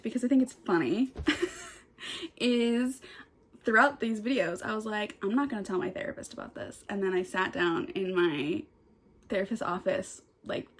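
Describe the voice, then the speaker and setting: A young woman chats into a close camera outdoors in the sun, reflecting on a book she has finished. Her talk is casual and emotional, spilling over with "like" and loose restarts. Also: medium pitch. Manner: emotional, gushing, filler-heavy with many "like"s. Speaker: book vlogger. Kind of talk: casual vlog chat.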